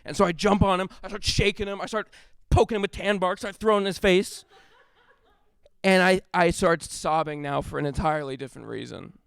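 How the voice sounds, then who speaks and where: A young man tells a rambling stand-up story, cutting himself off mid-sentence and laughing at his own lines. His voice sits a little high, with a gravelly, smooth, resonant tone, and the sound is close and dry. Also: brisk, fairly bright tone, no room sound. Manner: rambling, self-interrupting, laughs at own jokes. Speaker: stand-up comedian. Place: comedy club stage.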